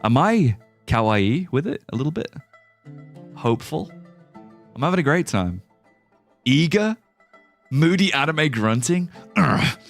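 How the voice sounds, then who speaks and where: A man's voice: a little high, very animated, a little slow, pauses often. A young man with an English accent, chatting casually with viewers on a live gameplay stream, swearing and laughing often. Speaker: livestreamer. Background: faint guitar music.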